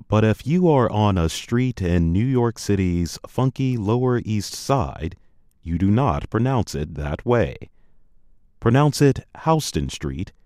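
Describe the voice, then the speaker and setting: Male co-presenter, deep and mellow, lively intonation, slow scripted teaching read. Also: no echo, studio quality. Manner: slow, deliberate, teacherly reading. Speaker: co-presenter of a language program. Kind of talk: scripted educational narration.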